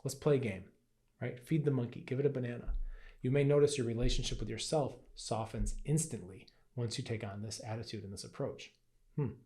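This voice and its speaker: A man's voice: mid-range voice, a little fast, warm tone. A man teaching in a casual, conversational way, often asking "right?" and acting out playful inner voices. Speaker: health and Qigong teacher. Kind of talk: casual teaching talk to camera.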